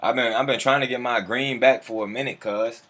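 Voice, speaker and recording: This man's voice sits in the middle range, steady and fairly bright, moving a little fast. He's casually chatting on a livestream, replying to viewer comments as they pop up and swearing freely in slang.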